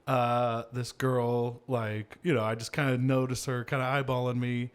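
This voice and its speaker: A man's voice: medium pitch, level tone, moderate pace, smooth. A man hosting a podcast in casual chat, telling stories in a rambling way with lots of fillers and laughter. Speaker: podcast host.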